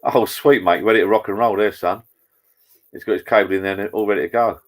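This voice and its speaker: A man's voice: fairly low pitch, fairly even intonation, quick pace. A man hosting a casual live chat from his garden bar. He rambles and greets viewers by name. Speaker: live stream host. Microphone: laptop.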